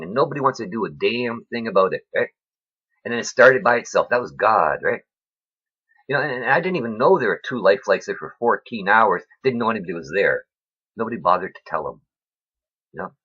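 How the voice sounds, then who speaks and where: A man with a low, husky voice and a tense, forceful edge, preaching in a rambling, emphatic way straight to his viewers. He keeps checking in with "right?" and swings between loud and hushed as emotion takes him. The sound is dull and lo-fi, like a home recording. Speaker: vlogger. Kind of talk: rambling faith talk to camera.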